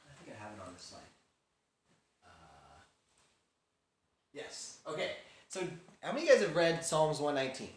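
A man giving a casual, animated Bible lesson to a youth group, acting out quotes and laughing as he goes. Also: mid-range voice. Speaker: youth teacher. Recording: very echoey room, faint hiss.

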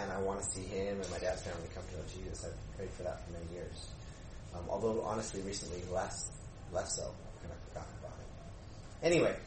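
A man's voice: fairly low pitch, a little hiss or hum. A male pastor tells a personal story to his congregation in a loose, chatty manner, with many fillers and little acted-out quotes. His voice carries through a roomy, echoing hall and is picked up from a distance, with a faint murmur of room sound behind it. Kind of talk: sermon storytelling. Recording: roomy echo, mic at a distance.

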